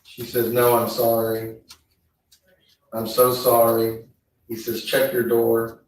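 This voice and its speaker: A man on the witness stand reading text messages aloud in a slow, measured way. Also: mid-range voice, completely flat delivery, a little hiss or hum. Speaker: trial witness. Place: courtroom. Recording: echoey courtroom feed, distant mic.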